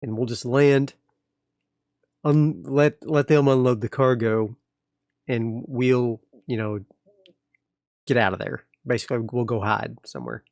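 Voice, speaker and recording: A man's voice: medium pitch, fairly even intonation, a little slow, gravelly, pauses often, darkish tone, no room sound. A man narrating his own solo tabletop game in a casual, loose way with fillers. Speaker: solo game master and player.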